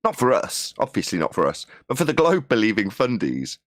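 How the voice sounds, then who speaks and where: A man with a mid-pitched, very animated voice trades dry, sarcastic jokes on a live stream. His voice is close and dry, with no room echo. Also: brisk. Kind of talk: casual live-stream chat.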